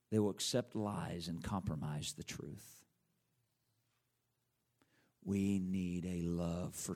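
A man's voice: lowish voice, a little mellow. A middle-aged man preaching a sermon in an earnest, conversational way.

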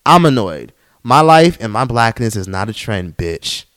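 A man's voice: lowish voice, sing-song, unhurried, a bit bright. A young man hosting a solo podcast, heated and profane, mocking others in put-on voices. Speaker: podcast host.

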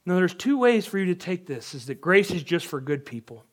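Young male pastor, fairly high voice, earnest conversational preaching. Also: sing-song, brisk. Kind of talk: sermon.

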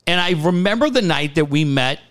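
Animated storytelling male radio host. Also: on the high side, a little fast. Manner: animated storyteller, acts out quotes; casual, swears freely. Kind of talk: casual radio chat.

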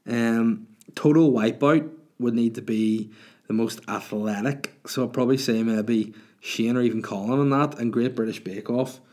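A man's voice: medium pitch, fairly even intonation, moderate pace, a little mellow. Chatty male comedian hosting a podcast. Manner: chatty, answers listener questions with restarts. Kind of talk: casual solo podcast chat.

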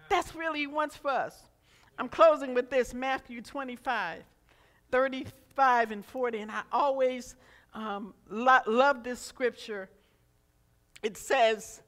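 A woman's voice: sits high, fairly even intonation, takes it slowly, fairly bright tone. A woman in her seventies preaching a sermon, telling a personal story and building to emphatic, impassioned passages. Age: 70s.

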